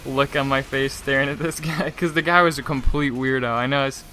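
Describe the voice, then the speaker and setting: Young dude rambling thru a story, lots of like and um, bright voice. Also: male voice, mid-range voice, steady tone, fairly quick, a little hiss or hum. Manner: rambling, lots of "like" and restarts, laughing asides. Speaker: gaming channel host. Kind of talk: casual storytelling rant.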